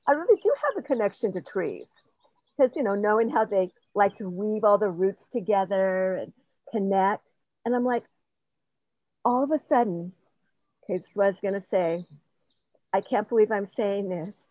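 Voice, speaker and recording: A woman's voice: medium pitch, a little mellow. An older woman talks through her personal experiences in a rambling, earnest way and often laughs at herself. The audio is muffled and lo-fi, with a dry, close sound and no room echo. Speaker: participant sharing in a group session. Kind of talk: personal sharing, casual talk.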